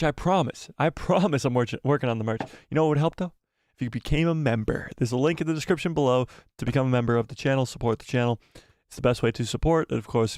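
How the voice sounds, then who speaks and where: A man hosting a live stream, reading chat messages aloud and answering them excitedly. He repeats phrases for emphasis, and his voice is starting to go. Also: medium pitch, no room sound, studio quality. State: losing his voice.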